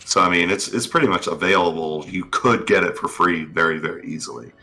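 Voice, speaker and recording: A man's voice: sits low, brisk. A man co-hosting a casual online talk show, rambling loosely with fillers. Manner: relaxed, rambling with filler words. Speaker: podcast co-host. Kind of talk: casual chat.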